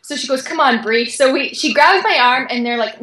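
A young woman guest, an athlete, telling a story in an excited, chatty way with many "like"s. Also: sits high, fairly quick, roomy sound, low-quality recording. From Canada. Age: young adult. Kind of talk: animated storytelling.

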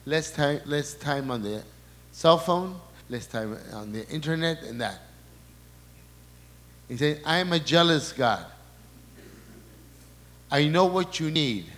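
A man's voice: on the high side, lively intonation, slow pace, pauses often, fairly bright tone, in a large hall. A man, a priest, giving a sermon talk before a live audience, often breaking off and repeating his words as he relays quoted messages.

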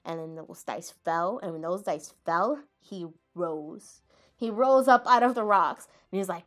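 A woman's voice: medium pitch, expressive, moderate pace, faint music behind. A woman talking casually and rambling, with lots of filler words and self-deprecating asides, as she recounts anime moments. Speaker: anime commentator.

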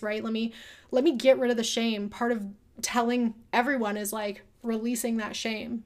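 A woman's voice: fairly high pitch, fairly even intonation, a little fast. A young woman talking casually and candidly about her own experience, at times emotional. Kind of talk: personal storytelling monologue.

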